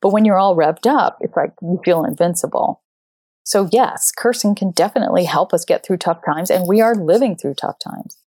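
A middle-aged woman hosting a talk show, telling a story in a lively, conversational way and acting out the people she quotes. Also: on the low side, normal speed, dry recording. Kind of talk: conversational monologue.

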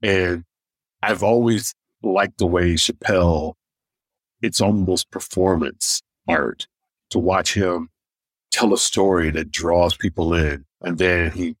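A stand-up comedian from Michigan telling personal stories in an interview and acting out what other people said. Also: male voice, low voice, slow pace, dry recording. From Michigan, USA. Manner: animated anecdotes, acting out others' lines; deaf in one ear. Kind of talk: storytelling in a podcast interview.

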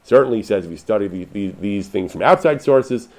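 Guy with a lowish voice teaching a torah class, stops and restarts a lot, reads hebrew quotes. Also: expressive. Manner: halting, many restarts and fillers, reads and paraphrases Hebrew sources. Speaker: Torah lecturer. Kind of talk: unscripted religious lecture.

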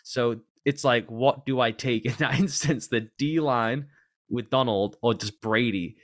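A man co-hosting a casual sports podcast, talking in animated rants and often laughing. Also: mid-range voice, no room sound, studio quality. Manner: animated, quick to laugh and rant. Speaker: podcast co-host. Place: lives in the UK.

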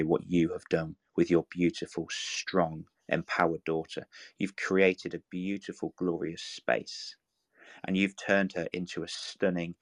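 Earnest man, low dry voice. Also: no echo. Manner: earnest, repetitive, coaxing, full of restarts. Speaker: live audio room speaker. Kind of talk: encouraging motivational talk.

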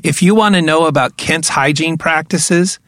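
A man's voice: on the high side, normal speed, fairly bright tone, no room sound, clean studio sound. A man co-hosting a podcast in casual comedic chat, rambling and jokey, often restarting his sentences. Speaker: podcast co-host.

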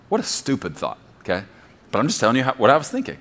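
A middle-aged man preaching a conversational sermon as pastor, dropping to a soft murmur for quoted prayers and apologies. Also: mid-range voice, huge pitch swings, quick pace.

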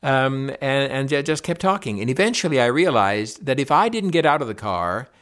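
A man telling a story in a documentary interview, at an ordinary pitch for a man. He speaks haltingly, with many fillers and restarts. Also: animated, fairly bright tone. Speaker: interviewee recalling an anecdote.

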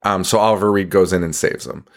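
A man's voice: deep voice, fast talker, vocal fry. Man, podcast host, casual movie recap, rambling, frequent swearing, frequent laughter.

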